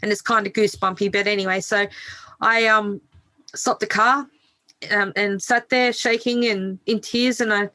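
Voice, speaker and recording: A woman's voice: mid-range voice, fairly even intonation, normal speed, bright, forceful tone. A middle-aged woman speaking as a podcast guest, telling her own story frankly and swearing freely. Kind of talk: candid interview storytelling.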